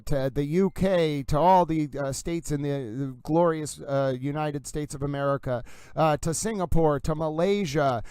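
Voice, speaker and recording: A man with a smooth, fairly high voice hosts a livestream, delivering theatrical, effusive commentary and repeatedly calling his audience "ladies and gentlemen." The recording has no room sound.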